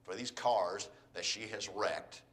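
A man's voice: fairly low pitch, steady tone, slow pace, fairly bright tone, voice pushed down. A man voicing a bitter husband going through a divorce, aggrieved and grumbling. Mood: indignant.

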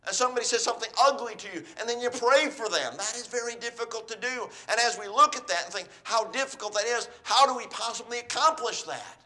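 A man's voice: very high voice, fast talker, few pauses, bright, forceful tone. A man preaching a sermon in an earnest, exhorting way, putting questions to his listeners.

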